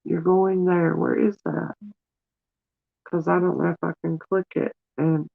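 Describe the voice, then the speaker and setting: A woman's voice: fairly low pitch, flat delivery, a little slow, gravelly. A middle-aged woman chatting on a live stream, tearful and calling viewers honey. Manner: warm, calls viewers honey and sweetie. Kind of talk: casual live-stream chat. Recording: tinny phone-like sound.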